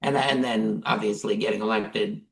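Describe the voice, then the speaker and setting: A man speaking as a guest strategist in a podcast interview, measured and hedging, restarting his sentences. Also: fairly low pitch, fairly even intonation, creaky, poor audio. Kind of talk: casual interview talk.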